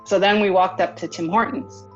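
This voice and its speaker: Speaking at a moderate pace with a medium-pitched voice, a woman retells events in a casual interview, acting out other people's words along the way. Faint music plays behind her, and the recording is dull and lo-fi.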